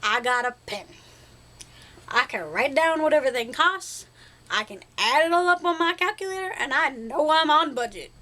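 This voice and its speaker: A woman's voice: high voice, expressive, normal speed, bright, forceful tone. A young woman vlogging to camera in a casual, rambling way, chatty and silly, joking at her own expense and making up playful words.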